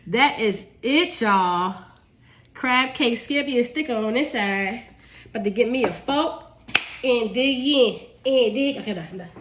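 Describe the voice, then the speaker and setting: Brief: adult woman, home cook on a live stream, sniffly from a cold, chatty and loose, higher-pitched voice. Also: expressive, measured pace, fairly bright tone. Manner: chatty, addresses viewers as y'all, laughs easily. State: sick and sniffly. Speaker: home cook and cookbook author. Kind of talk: casual live cooking stream.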